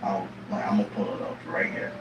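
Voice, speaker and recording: A man's voice: sits low, level tone, fast, highs cut off, heavy background noise. A man casually defending himself in a social media clip, slangy and insistent. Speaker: content creator. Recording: echoey distant clip over loud guitar music.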